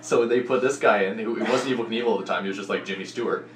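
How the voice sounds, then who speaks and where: A man telling jokey anecdotes in a quick, low voice. He sits a little back from the mic. The room is echoey, with faint ambience behind him. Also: far from the mic, a little hiss or hum. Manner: storytelling, joking. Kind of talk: casual chat.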